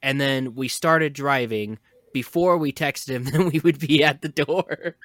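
A man chatting casually, piecing together a memory with hesitant, slightly defensive phrasing. His voice sits at a middle pitch and the sound is very dry, with no room echo. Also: measured pace, a bit bright. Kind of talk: casual chat.

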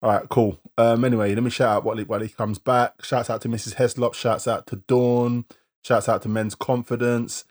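A man's voice: medium pitch, level tone. Chatty man co-hosting a podcast. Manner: chatty, reads out viewer shout-outs in a quick list. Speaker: podcast co-host. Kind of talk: casual live-stream podcast chat.

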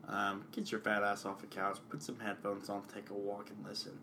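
A man with a low voice jumps into the conversation with crude, excitable jokes, now and then getting loud. Faint noise sits behind him. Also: brisk, gravelly. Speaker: podcast co-host. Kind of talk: casual chat.

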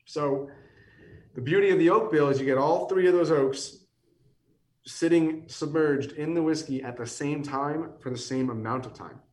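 A man's voice: on the high side, normal speed, darkish tone, reverberant, recorded from a distance. A man in his thirties, a guest on a podcast, talking casually and rambling with many restarts; he sounds tired and is losing his voice. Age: 30s. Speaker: whiskey company guest.

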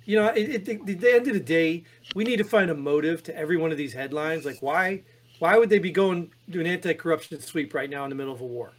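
A man co-hosting a podcast, talking through political headlines in an animated, exasperated way with many restarts. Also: a little high, fast. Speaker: podcast co-host reading headlines. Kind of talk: casual political chat.

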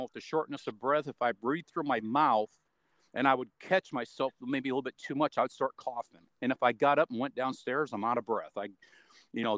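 This interview guest has a mid-range voice with a fairly bright tone, captured dry with no room sound. His casual account meanders, and fillers crop up throughout.

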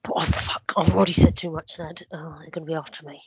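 A man's voice: fairly high pitch, level tone, fast, gravelly, a little mellow, slightly rough, no echo, dull audio. A man, co-hosting a running podcast with playful, mock-panicked banter. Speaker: podcast co-host. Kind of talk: joking banter, mock-conspiratorial bit.

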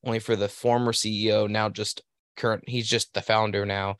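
A man's voice: on the low side, level tone, fairly quick, fairly bright tone, dry recording, clean studio sound. A young man on a podcast telling a rambling work story in a casual, profane way. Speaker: podcast host. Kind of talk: casual chat.

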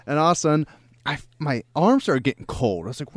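A man's voice: mid-range voice, animated, fairly quick, no echo. A young man telling a story on a casual podcast, laughing often, swearing and acting out what people said.

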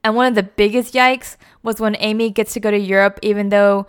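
Young woman, movie review vlogger, chatty and filler-heavy, smooth clear voice. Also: mid-range voice, steady tone, brisk. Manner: chatty, many fillers like "like" and "you know". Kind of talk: casual movie review vlog.

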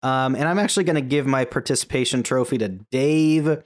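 A man hosts a relaxed podcast chat, moving the group through picks and scores. He keeps a loose, joking manner with a voice of middle pitch. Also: a little fast. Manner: laid-back, joking, leads the segments. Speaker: podcast host.

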